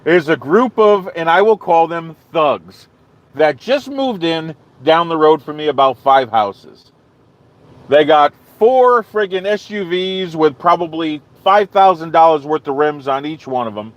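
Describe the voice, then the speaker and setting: A man holding forth on his live stream, spinning a long, rambling tale and playing every line of dialogue himself. His voice sits a little on the high side, and he keeps the telling loose and chatty. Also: a little slow, muffled recording. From not from the American South. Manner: rambling, animated storyteller acting out his own quotes. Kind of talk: casual storytelling to live chat.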